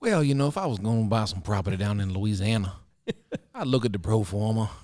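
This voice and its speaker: A man's voice: on the low side, animated, brisk, a little mellow, lightly acted. A man putting on an exaggerated Southern US drawl, playing a folksy country man as a joke. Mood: joking. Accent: put-on Southern US.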